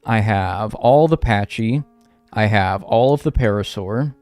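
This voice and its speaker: With soft music in the background, a man with a lowish, slightly mellow, clean voice streams a video game at a somewhat slow pace. He chats casually with viewers and launches into mock-serious rants.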